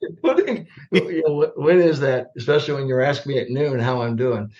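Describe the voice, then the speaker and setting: A man's voice: mid-range voice, fairly quick. An older man from the American Midwest talks in a plain, down-to-earth way. He tells stories as a podcast guest and brings remembered dialogue to life with energy. His voice comes through a slightly dull, muffled remote call. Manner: plainspoken, animated storyteller who acts out remembered dialogue. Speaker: guest, retired army general. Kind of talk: conversational storytelling on a podcast.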